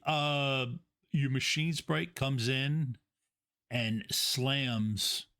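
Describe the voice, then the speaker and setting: A man runs a tabletop game as game master in a hesitant way, dropping ums and okays between rulings. His voice sits at a middle pitch and is recorded dry and close. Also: fairly bright tone, no room sound.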